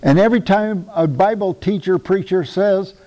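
A man's voice: high-pitched, moderate pace, mellow, in a large hall, rough recording. A man preaching a sermon in a conversational, emphatic way, often asking the listeners rhetorical questions.

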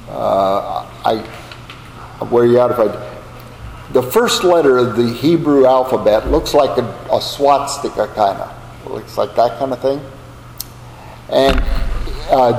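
A man's voice: medium pitch, darkish tone. An older man from the United States giving a Bible class lecture, telling stories in a folksy way with asides. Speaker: Bible teacher. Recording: echoey hall, faint background hum.

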